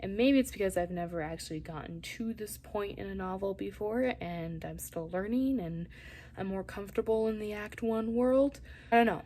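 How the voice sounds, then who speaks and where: Young woman, casual vlog chat, thinking aloud, rambling, middle pitch, faint background noise. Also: normal speed, mellow. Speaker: writing vlogger.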